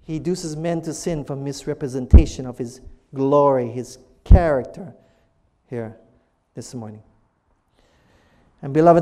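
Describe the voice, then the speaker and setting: A preacher delivering a church sermon, reading scripture slowly and pressing the congregation with repeated questions, calling them beloved. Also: mid-range voice, darkish tone. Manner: reads scripture quotes aloud slowly between comments; calls listeners "beloved" and asks for amens. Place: church service.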